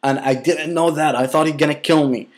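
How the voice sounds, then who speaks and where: A man's voice: on the high side, steady tone, brisk. Rambling young man telling a story. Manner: rambling, many restarts and "like" fillers; blunt, swears freely. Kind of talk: casual personal storytelling.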